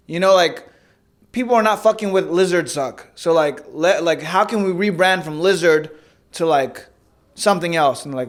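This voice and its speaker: A man co-hosting a podcast in casual chat, joking loosely and reacting loudly with slang. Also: on the high side, animated, moderate pace. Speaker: podcast co-host.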